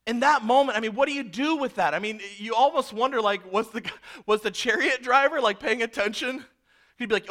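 A male pastor preaching a sermon, animated and acting out the people in the story. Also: very high-pitched, fairly quick. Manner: animated, acts out characters.

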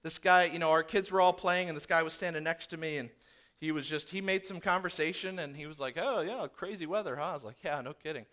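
A man's voice: a little high, fast, clean tone. A male pastor preaching a sermon to his church, telling stories and acting out conversations. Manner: animated storytelling, acting out dialogue.

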